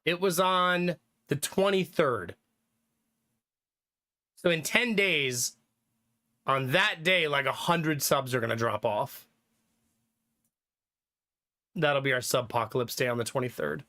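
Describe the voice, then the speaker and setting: A man's voice: mid-range voice, slow pace, pauses often, pushed and bright. A young man streaming live, rambling casually to his chat about which games he plans to play, with lots of fillers. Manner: rambling, thinking aloud, frequent fillers and laughs.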